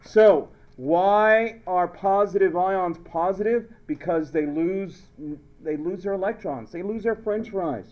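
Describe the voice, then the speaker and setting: This man, a high school chemistry teacher, lectures his class playfully, mixing in stories, jokes and repeated questions. His voice is high-pitched, slow and has few pauses. The audio sounds dull.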